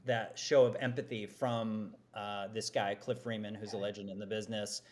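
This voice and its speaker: A man, an advertising executive, telling lively, self-deprecating stories as a guest on a podcast interview. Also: fairly low pitch, moderate pace. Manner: animated, self-deprecating storytelling.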